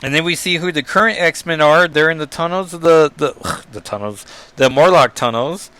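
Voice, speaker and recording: In a dry recording, a man speaks at a moderate pace with a clear, resonant, somewhat high voice. He's loosely going over a comic book issue, full of ums and side comments, and reads the panel captions and dialogue in a flat summary voice.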